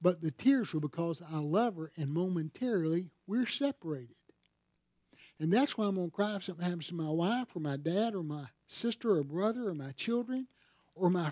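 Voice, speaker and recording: An older man delivers a sermon, his voice sitting somewhat high for a man. He tells stories from the pulpit and presses harder and louder when he drives a point home. The sound is close and dry. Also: expressive, moderate pace, dry recording. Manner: emphatic storytelling, swelling louder and higher on key points. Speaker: pastor. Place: church sanctuary.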